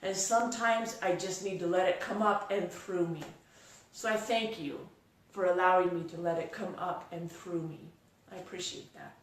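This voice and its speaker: A woman's voice: fairly low pitch, moderate pace, heavy reverb, recorded from a distance, a little hiss or hum. A woman giving a live-streamed motivational talk, emphatic and repetitive, tearful as she speaks. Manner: emphatic, repeats phrases, turns tearful and emotional. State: crying.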